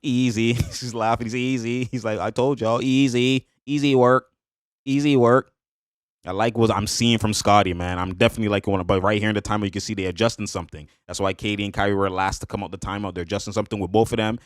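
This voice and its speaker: A man reacting to basketball highlights in a hyped, slangy way, laughing often and repeating catchphrases. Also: fairly even intonation, racing, hardly any pauses, dry recording, studio quality. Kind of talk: excited casual highlight reaction.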